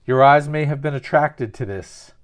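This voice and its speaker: A man's voice: mid-range voice, normal speed. A man casually talking through a card opening, rambling and joking at his own expense. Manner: rambling, jokey, self-mocking. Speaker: sports card collector opening packs. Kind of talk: casual pack-opening commentary with absurd storytelling.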